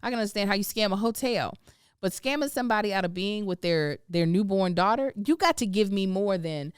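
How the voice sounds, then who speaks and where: A woman hosting a casual podcast chat, expressive, laughing often and drawing out words for emphasis. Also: medium pitch, fairly quick, smooth, dry recording, studio quality. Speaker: podcast host.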